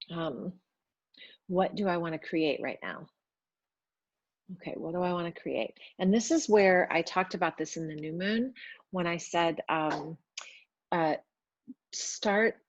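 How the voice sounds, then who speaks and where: A woman giving a loose, chatty spiritual talk to viewers, with many fillers, trying to speak gently. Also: on the low side, dry recording, highs cut off. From Italian family background.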